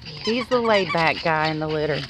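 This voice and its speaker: A woman's voice: deep voice, lively intonation, normal speed, noisy background. A woman dog breeder showing her puppies outdoors, cooing baby talk to them and laughing often. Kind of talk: casual puppy showcase. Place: outdoors in a yard.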